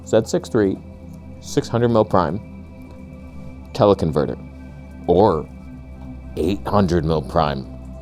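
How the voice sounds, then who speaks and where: A man ranting sarcastically in a comedic vlog, outdoors on a lavalier mic, jumping between high mocking voices and low grumbles. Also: dark tone. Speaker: camera vlogger.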